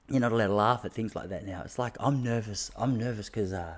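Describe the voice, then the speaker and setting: A young Australian man talking casually to his listeners, self-mocking and quick to laugh, with lots of restarts. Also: fairly low pitch.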